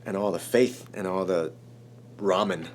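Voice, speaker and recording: A man in his forties from Chicago, a screenwriter telling an emotional story in an interview, animated and rambling with many restarts. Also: sits low, a little slow, slight background noise. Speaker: screenwriter guest.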